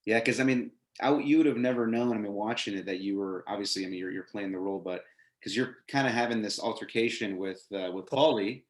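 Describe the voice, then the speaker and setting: Low-voiced man asking in an echoey room. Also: fairly even intonation, brisk. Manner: rambling questions full of "you know". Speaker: host. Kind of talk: casual interview.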